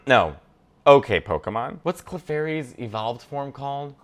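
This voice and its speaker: A man talking in a casual, animated way, his pitch swinging widely as he goes. He sounds chatty and expressive, with sudden jumps into squeaky character voices. His voice sits at a middling height. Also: moderate pace. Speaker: comedian ranking Pokémon. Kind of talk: casual chat.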